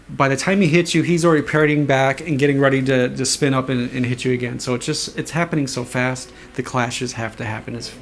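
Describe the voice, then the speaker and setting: A man casually explaining how he designed sound effects, eager and imitating whooshes and booms with his voice. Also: creaky, slight background noise. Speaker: saber sound font designer.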